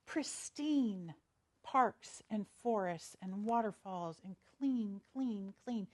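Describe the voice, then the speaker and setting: A woman's voice: mid-range voice, lively intonation, slow pace. A woman minister, giving a chatty, storytelling sermon and laughing easily. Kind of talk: conversational sermon.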